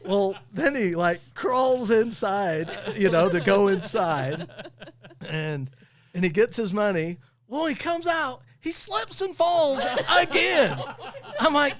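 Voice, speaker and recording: A man who owns a towing company, guesting on a podcast and telling funny stories in a casual, animated way, often laughing as he talks. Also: high-pitched, slow. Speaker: tow truck company owner, podcast guest. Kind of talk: casual storytelling.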